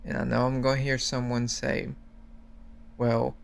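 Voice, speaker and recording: A man's voice: mid-range voice, monotone, measured pace, creaky, smooth. A man guest on a chat, talking in an earnest, complaining rant. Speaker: guest YouTuber. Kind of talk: casual chat.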